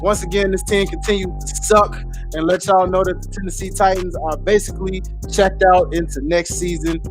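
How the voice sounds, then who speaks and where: A man's voice: high-pitched, fairly even intonation, moderate pace, faint music behind. A man co-hosting a sports podcast, talking football in a brash, playful way. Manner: brash, playful trash talk. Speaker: podcast co-host. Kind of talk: casual sports talk.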